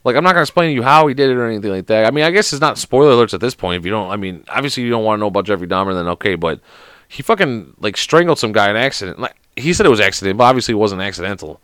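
A man's voice: on the low side, lively intonation, rapid-fire, a bit bright, smooth, no echo. A man, sick at the moment, rambling through a casual solo podcast rant, swearing often and filling gaps with "like". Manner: profane, rambling, heavy on "like" fillers. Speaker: podcast host.

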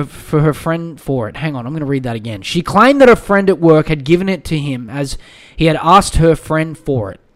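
A man with a fairly high voice hosts a casual solo podcast, reading a listener's letter aloud. He rambles and swears freely, then gives blunt, no-nonsense advice. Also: a bit bright. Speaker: podcast host giving advice.

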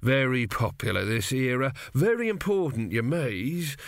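A man voicing an eager, fawning salesman with a smooth sales patter. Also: mid-range voice, expressive, normal speed, no echo, studio quality.

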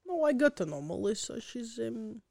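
Earnest musical-theatre fan, played by a woman, teasing yet hesitant, animated melody, improvised sketch. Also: fairly high pitch, moderate pace, creaky, dry recording, clean studio sound, exaggerated voice.

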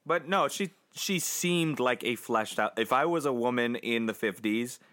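A man's voice: medium pitch, unhurried, fairly bright tone. A man co-hosting a film podcast, chatting playfully and joking around. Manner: playful, jokey. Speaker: podcast co-host. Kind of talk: casual film discussion.

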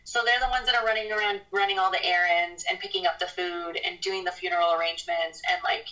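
A woman's voice: on the low side, steady tone, fast talker, pushed and bright, recorded from a distance, dull audio. A woman in casual chat, speaking bluntly and opinionatedly, swearing freely.

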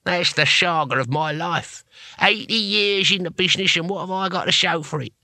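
A man's voice: sits high, gravelly, sharp tone, no room sound, pitched above the performer's own voice, heavily acted. A man doing a toothless 87-year-old barbarian. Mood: grumbling. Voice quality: gummy, toothless mumble. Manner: slow, moody grumbling.

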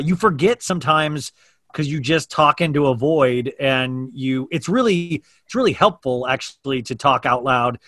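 A man who hosts a daily podcast talks candidly about his life in a loose, rambling way, often restarting his sentences. His voice sits at an average pitch. The sound is dry and close. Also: normal speed, bright, forceful tone, no room sound. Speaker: podcast host. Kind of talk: casual chat.

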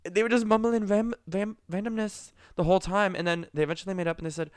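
A young man chats casually on a podcast, his voice sitting a bit high and sounding smooth and clear. He tells a story in a rambling, animated way, full of likes and laughs. The sound is dry and close. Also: fast talker, no room sound. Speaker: podcast co-host.

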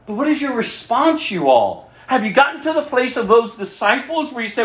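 A woman's voice: a little high, sing-song, normal speed, hardly any pauses. A woman preaching a sermon with passion, repeating phrases and acting out the voices of people she quotes. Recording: echoey room.

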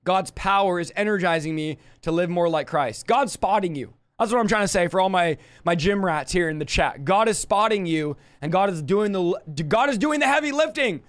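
A man's voice: high-pitched, animated, moderate pace, hardly any pauses. A man preaching in a livestream Bible study, fiery and emphatic, speaking straight to the viewer.

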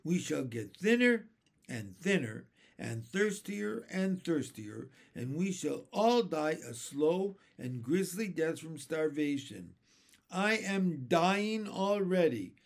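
A gloomy blind earthworm grumbles that everything will end in disaster, as a man reads it aloud. The storybook voice is pitched up and lively, dragging out each complaint. It speaks loudly and slowly. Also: gravelly, heavily acted. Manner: complaining, doom-laden.

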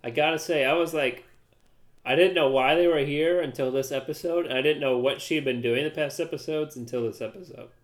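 A man's voice: on the high side, a little fast. Playfully defensive man in banter. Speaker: podcast co-host. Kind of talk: casual chat.

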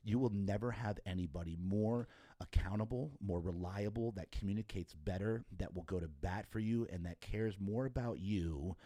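A very low-voiced man hosts a podcast, talking in a loose, rambling way full of restarts and praise for his guest. The sound is close and dry, with little room around it. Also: normal speed, mellow, dry recording. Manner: rambling, enthusiastic, many restarts; effusive and talkative. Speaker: podcast host. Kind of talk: casual interview.

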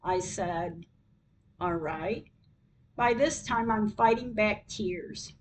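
Older woman, podcast host, unhurried personal storytelling, mid-range voice, faint hiss behind. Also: mid-range voice, low-quality recording. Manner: slow, measured storytelling. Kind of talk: reading a personal story aloud.

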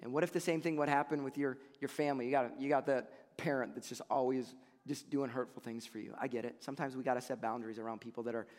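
A man's voice: medium pitch, steady tone, quick pace, hardly any pauses, long reverb tail. A man preaching a sermon in a casual, joking, conversational way, with laughter in his voice. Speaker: pastor.

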